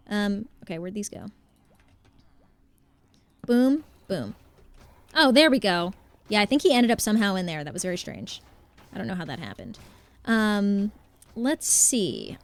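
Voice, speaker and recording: A woman's voice: medium pitch, dry recording. A young woman live-streaming a game in a casual chat, thanking viewers by name and thinking aloud as she plays.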